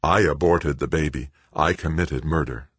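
Male narrator playing a icy, husky, low-voiced avenger, flat delivery, dry close read. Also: moderate pace, no echo. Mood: cold. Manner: cold, hushed, flat. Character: cold vengeful bitter woman.

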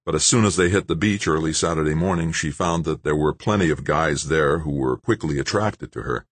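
A man narrating an audiobook in a steady, measured way. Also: a bass voice, no room sound.

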